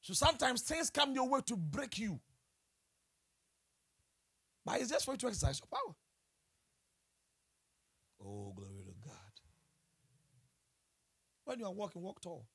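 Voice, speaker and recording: A man preaching a sermon in an animated way, exclaiming, laughing and putting questions to his listeners. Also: extremely high pitch, a little fast, pauses often, husky.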